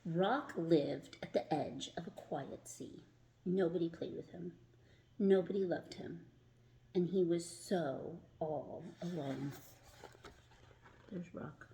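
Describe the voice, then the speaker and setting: A woman's voice: lowish voice, slow, pauses often, mellow. A woman reading a picture book aloud to a child in a casual, chatty way, laughing at her own slips.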